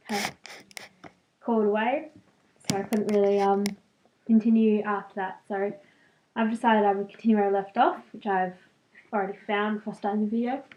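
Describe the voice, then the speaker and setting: A woman's voice: mid-range voice, darkish tone, reverberant, muffled recording. A young woman, a student, casually reading a book aloud and breaking off for chatty, giggly asides full of fillers.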